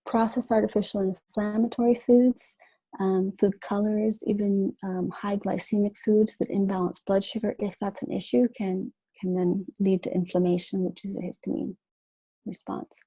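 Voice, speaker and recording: Woman presenter talking through slides, husky voice, dry close sound. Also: medium pitch, flat delivery, moderate pace, warm tone, dry recording, low-quality recording. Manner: informal, with fillers and restarts. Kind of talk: webinar lecture.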